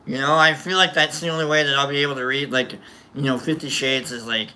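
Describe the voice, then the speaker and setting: This chat show host talks fast in a medium-pitched, bright, forceful voice with fairly even intonation. He rambles, interrupts himself and cracks jokes, and there's slight background noise.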